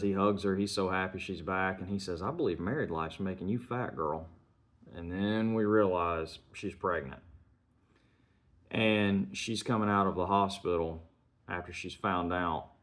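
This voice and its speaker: A man reviewing a film, retelling its scenes in an earnest, measured way and chaining sentences with "and". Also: sits low.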